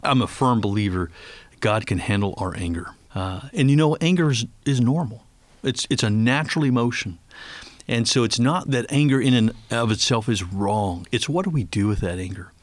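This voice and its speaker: A middle-aged man, a ministry leader and guest on a faith radio interview, speaking earnestly and tenderly, slowing down when he prays aloud. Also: mid-range voice, lively intonation, no room sound.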